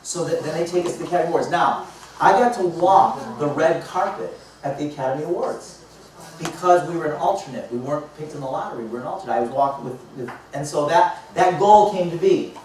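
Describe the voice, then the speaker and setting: A man in his fifties, a motivational speaker telling lively stories to a live audience and acting out both sides of conversations. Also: a little high, fast. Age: 50s. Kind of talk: storytelling talk to a live audience. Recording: echoey hall, mic far off, faint noise.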